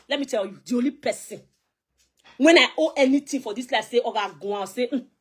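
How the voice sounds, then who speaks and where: A woman's voice: on the high side, moderate pace, slight background noise. A young woman with a Nigerian accent, confrontational and scolding, ranting on a live phone video and mixing pidgin into her English. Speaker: social media personality. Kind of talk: heated live video rant.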